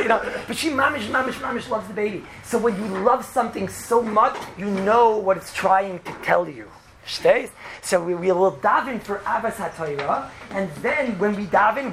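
A man giving an informal Torah talk to students, telling stories in a rambling, animated way with many fillers and laughs. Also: high-pitched, vocal fry. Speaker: yeshiva lecturer. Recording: echoey room with background noise.

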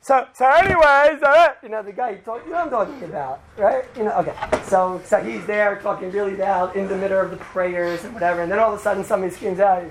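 A man giving an informal religious talk to a group, telling a rambling, animated story full of "right?" asides. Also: high voice, fast talker, hardly any pauses. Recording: noisy background hiss.

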